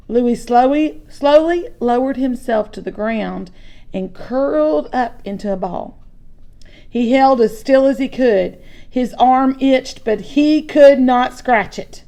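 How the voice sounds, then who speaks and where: Slow, gravelly woman reading a chapter book. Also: a little high, warm tone. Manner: chatty asides between story passages.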